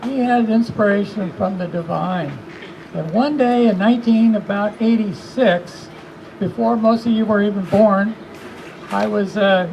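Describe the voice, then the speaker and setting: A man's voice: high voice, vocal fry, darkish tone. A man sharing wry, teasing trivia with a gathered crowd at a memorial. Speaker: speaker at a memorial. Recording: noisy background.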